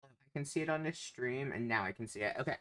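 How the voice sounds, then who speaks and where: A woman's voice: very deep voice, animated, fast. A woman narrating as a tabletop game master, hesitant and full of ums.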